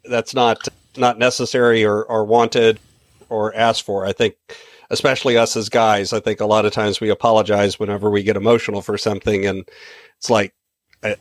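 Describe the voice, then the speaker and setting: A man's voice: lowish voice, little pitch movement, normal speed, no echo. A man hosting a podcast interview, reassuring his guest and asking thoughtful questions with many restarts. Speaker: podcast host. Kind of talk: interview conversation.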